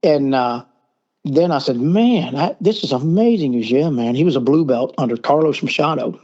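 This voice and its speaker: A middle-aged man with a Southern US accent joins a podcast as a guest, rambling through lengthy casual stories and acting out dialogue. His mid-range voice is animated and darkish, at a moderate pace. The remote-call sound is lo-fi.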